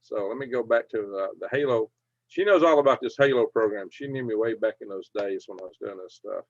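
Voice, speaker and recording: A middle-aged man with a gravelly, creaky voice hosts a casual livestream from home, reading out viewer comments and answering them in a folksy, chuckling way. The sound is dry and a little dull, like a lo-fi home mic. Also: fairly low pitch, a little fast, no room sound. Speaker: livestream host.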